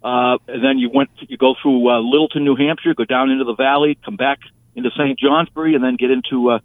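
A man's voice: mid-range voice, fairly even intonation, quick pace, dry recording. A man giving the weather on a radio show, chatting and reminiscing with lots of fillers. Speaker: weather forecaster. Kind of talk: casual on-air chat by phone. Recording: tinny phone line.

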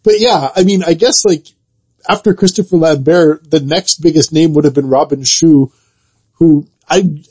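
Husky-voiced man chatting loosely. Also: a little high, steady tone, moderate pace, a little mellow. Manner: rambling, loose, lots of filler words. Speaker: podcast co-host. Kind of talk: casual chat about games and movies.

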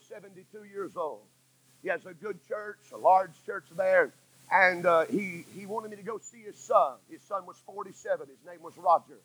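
A man, preaching a sermon that swings from loud cries to hushed tones. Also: high-pitched, slightly rough, no echo, low-quality recording. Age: 40s.

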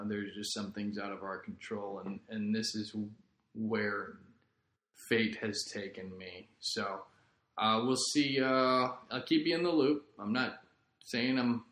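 A man's voice: fairly low pitch, fairly bright tone. A man hosting a podcast, rambling through a casual solo monologue in a laid-back way and swearing freely. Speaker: podcast host. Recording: roomy echo.

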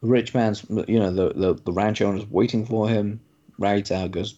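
Casual storyteller, man, low mellow voice, muffled recording. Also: fairly even intonation, moderate pace. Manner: casual, paraphrasing with many fillers. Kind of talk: podcast conversation, storytelling.

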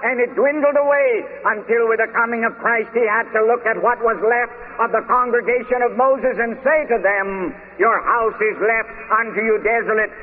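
A man preaching a sermon with deliberate, emphatic delivery and slowed stresses. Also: sits high. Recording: tinny phone-like archive recording in a long-reverb hall.

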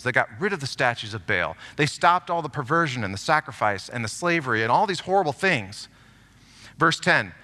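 A man preaching a sermon as pastor, animated and reading scripture aloud with strong emphasis in a church. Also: medium pitch. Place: church sanctuary. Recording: long hall reverb.

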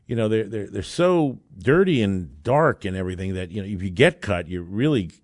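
Man, low-pitched voice, dry close sound, casual excitable storytelling, lots of fillers. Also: moderate pace, no echo. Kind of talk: casual spoken anecdote.

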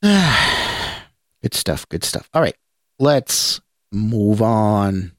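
A man hosting a geek news podcast, talking in a relaxed, rambling way with restarts. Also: on the low side, extremely slow, dry recording. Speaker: podcast host. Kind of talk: casual news roundup.

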